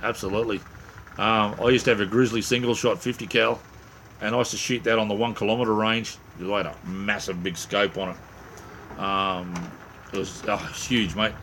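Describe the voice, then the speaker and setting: Chatty Australian man, low voice. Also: fairly even intonation, normal speed, a bit bright, slight background noise. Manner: rambling, chatty, jokey, with many restarts. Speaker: livestream host. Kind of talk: casual live chat reading viewer comments.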